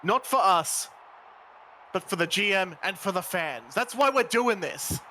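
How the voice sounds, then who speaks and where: A man's voice: sits high, lively intonation, measured pace, bright, forceful tone, slight background noise, exaggerated voice. A man voicing a volatile, angry male wrestler in an amateur voice drama, snarling and swearing often. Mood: resolute. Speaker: wrestler character.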